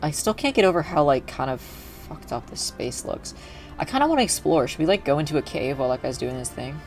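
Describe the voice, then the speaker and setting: Streaming a video game with soft music behind him, a young man talks briskly in a slightly high, animated voice. He rambles casually, restarting himself often and filling gaps with fillers.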